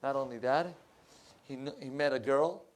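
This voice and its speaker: Impassioned rabbi preaching a sermon. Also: male voice, medium pitch, normal speed, slight background noise. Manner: impassioned, rising loud when telling stories, dropping to soft asides; searches for English words mid-sentence. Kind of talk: sermon with storytelling. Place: synagogue.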